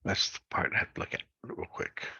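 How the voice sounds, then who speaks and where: A man working through math homework solutions step by step, thinking aloud in a halting, muttered way. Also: bright, forceful tone, dry recording, highs cut off. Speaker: math instructor.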